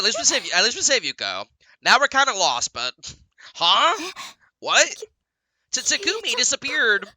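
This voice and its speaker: Lively, bright-voiced let's-play streamer. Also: mid-range voice, normal speed, long pauses, no room sound. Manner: chatty, laughs often, heavy use of "like". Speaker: gaming streamer. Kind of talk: casual let's-play commentary. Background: game music.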